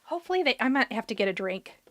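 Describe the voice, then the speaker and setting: A woman with the hiccups hosts a live card-making demo, chatting casually and answering viewers' questions while she works. Her voice is fairly high, with big pitch swings and a quick pace.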